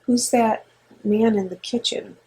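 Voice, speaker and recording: A woman voicing her frightened two-year-old son, asking small hushed questions. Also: fairly high pitch, steady tone, measured pace, husky, full character voice, poor audio. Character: scared little two-year-old boy.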